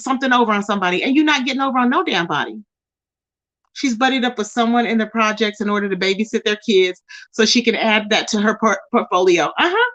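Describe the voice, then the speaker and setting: High-voiced woman scolding hard. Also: a bit bright. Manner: scolding, confrontational, keeps repeating the target's name. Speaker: commentary channel host. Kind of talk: ranting live commentary. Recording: dull lo-fi recording.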